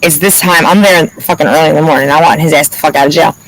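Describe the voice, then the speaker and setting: A woman's voice: low-pitched, fairly even intonation, quick pace, rough recording. A fired-up woman telling a story, swearing freely. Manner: heated, profane storytelling with lots of reported dialogue. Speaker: vlogger telling her side of a story. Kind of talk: casual storytime.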